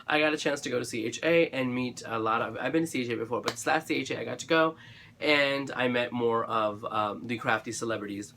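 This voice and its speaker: This craft channel vlogger rambles and gushes to camera about his supplies, using lots of fillers and restarts, throat a little dry. His medium-pitched voice is steady, brisk, bright, and forceful with vocal fry, over slight background noise.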